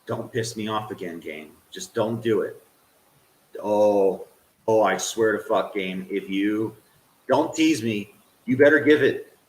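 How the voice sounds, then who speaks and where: A man streaming a game, swearing at it and swinging from low grumbling to loud yelling while he talks to his chat. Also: slow pace, roomy sound, low-quality recording. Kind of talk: live game stream commentary.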